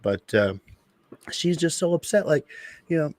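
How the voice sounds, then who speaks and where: A man's voice: on the high side, animated, moderate pace, no echo. A man co-hosting a casual podcast chat, telling a story bluntly and with plenty of swearing. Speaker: podcast co-host.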